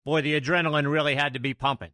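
A man's voice: fairly high pitch, steady tone, very fast, pushed and bright, no echo. A man hosting a golf podcast, asking a guest prepared questions. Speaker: podcast host. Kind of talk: interview questions.

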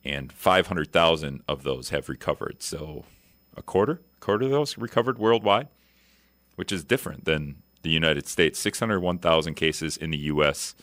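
Bright-voiced low male radio host. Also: no echo. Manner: rambling, self-correcting, reading off numbers. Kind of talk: casual talk radio chat.

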